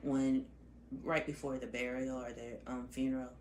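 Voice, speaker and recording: A woman in a podcast conversation speaking in a measured, gentle way, sometimes slowing to stress a point. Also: very deep voice, level tone, slight background noise.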